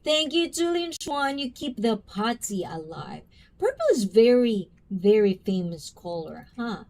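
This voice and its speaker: A woman's voice: medium pitch, big pitch swings, unhurried, darkish tone. A woman hosting a casual livestream, chatting with viewers and calling them by name. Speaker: livestream host reacting to chat.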